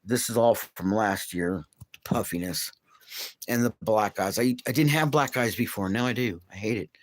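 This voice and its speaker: A man's voice: fairly low pitch, normal speed. A man in his late fifties hosting a live stream, talking in a blunt, rambling way and laughing between his stories. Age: late 50s.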